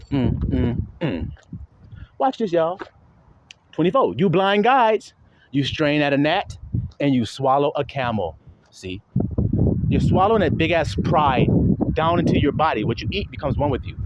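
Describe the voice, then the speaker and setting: Preacher guy going off, fired up and cussing, voice jumps all over, kinda muffled lo-fi audio. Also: fairly high pitch. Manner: heated, profane, preachy. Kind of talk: fiery preaching commentary. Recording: dull lo-fi recording, faint noise.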